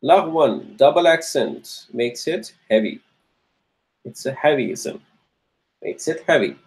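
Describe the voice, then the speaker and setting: A male teacher slowly working through grammar exercises in class, repeating each answer and checking in with the students. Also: mid-range voice, very animated, poor audio. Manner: slow and repetitive, restates each answer; checks in with "okay?" and "right?".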